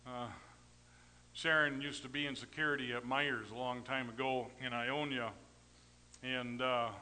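A middle-aged man preaching a storytelling sermon, folksy and rambling, with sudden swings between loud emphasis and quiet asides. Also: medium pitch, big-room sound. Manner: folksy, rambling anecdotes with tag questions.

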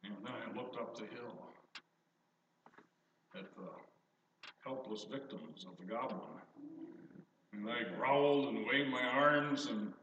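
An older man preaching a sermon, reading scripture and telling stories in an animated, emphatic way. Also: mid-range voice, slow, long pauses, muffled recording. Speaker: pastor. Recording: echoey hall from far off, faint noise.

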